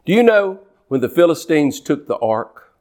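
A man preaching a fiery sermon, his voice pitched high for a man. He swings between scripture reading and mocking impressions of anxious, complaining people. His delivery is animated and punchy. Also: moderate pace. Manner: animated, mocks worriers in whiny put-on voices.

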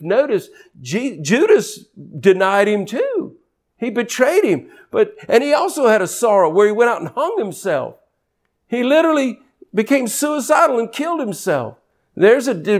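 A man preaching a sermon with passion, repeating words as he builds a point and swinging from low, quiet stretches to high, rising emphasis.

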